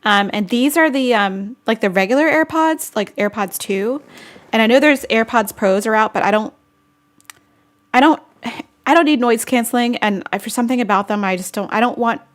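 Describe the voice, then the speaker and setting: A woman with a slightly high voice chats casually on a live stream, giggling often as she answers viewer comments. Her talk is loose and rambling, full of little asides. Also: normal speed. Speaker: vlogger hosting a live chat.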